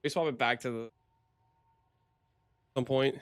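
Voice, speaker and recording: A man's voice: mid-range voice, steady tone, a little slow, no echo. A young man hosting a stream, chatting casually in a playful, teasing way. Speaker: streamer host.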